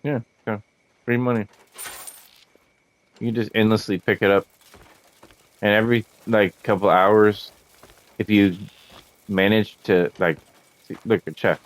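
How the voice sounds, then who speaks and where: Low-voiced man with casual game commentary. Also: measured pace, pauses often. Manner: profane, laughing, excitable. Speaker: gamer showing a game.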